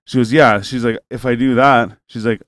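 A man's voice: mid-range voice, fairly even intonation, normal speed, fairly bright tone, no echo. A man telling a long, rambling story in casual chat, cursing freely and acting out both sides of a phone call.

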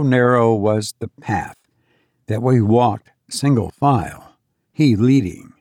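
A man reading a first-person adventure story aloud in a measured, deliberate way. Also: medium pitch, darkish tone, no echo, studio quality. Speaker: narrator.

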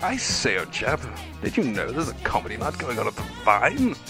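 A man hamming up a bouncy, exaggerated promo announcer, his pitch leaping all over the place. He pitches a comedy night with silly over-the-top energy, with music playing clearly behind him. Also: wildly swooping pitch, normal speed. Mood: posh, joking. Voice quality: hammy, exaggerated.

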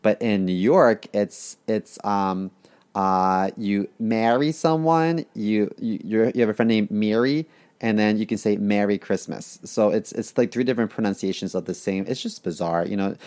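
A man's voice: lowish voice, moderate pace, a little mellow. A young man from Baltimore co-hosting a podcast, telling crude jokes in a rambling casual chat. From Baltimore, USA. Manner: crude, joking, rambling with fillers. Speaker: podcast co-host.

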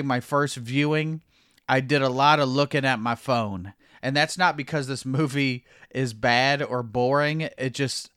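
A man's voice: medium pitch, a bit bright, smooth, no room sound. A male podcast co-host with a mid-range voice who rambles in an easy-going way through casual chat. The recording is dry and close.

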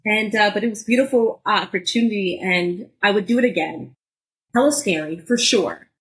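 A woman podcast co-host telling personal stories in a casual way, acting out moments with sudden high bursts and using a lot of "like.". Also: normal speed, low-quality recording. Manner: frequent filler "like".

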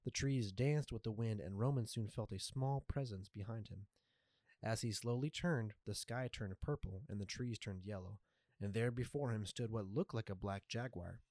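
A man reading a story aloud in a measured, even way. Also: fairly low pitch, dry recording. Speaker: narrator. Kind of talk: scripted story narration.

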